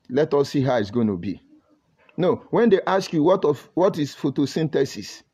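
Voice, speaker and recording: A man's voice: fairly high pitch, a little mellow. A man with a Nigerian accent delivering a heated, scolding monologue full of rhetorical questions. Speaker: commentator. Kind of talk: impassioned monologue. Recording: dull lo-fi audio.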